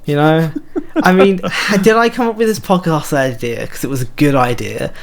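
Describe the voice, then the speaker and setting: A young British man co-hosting a podcast, with a slightly high voice. He talks quickly and jokes at his own expense in loose, casual banter. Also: vocal fry. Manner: quick, joking, self-mocking. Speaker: podcast co-host. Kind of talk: casual chat.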